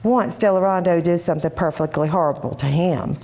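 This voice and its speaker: A woman giving a lively, expressive first-person reading of a short story. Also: fairly low pitch, brisk. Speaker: reader.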